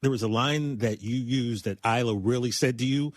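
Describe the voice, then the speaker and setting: A man's voice: mid-range voice, normal speed, no room sound. A man co-hosting a sports radio show and asking the guest questions with some hesitant restarts. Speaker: radio co-host. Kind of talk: casual sports radio chat.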